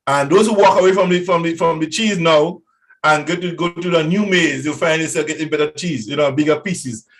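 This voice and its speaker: A man's voice: on the high side, fairly quick, a bit bright, poor audio. A man, a guest speaking earnestly in a casual radio interview. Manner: earnest, warning tone.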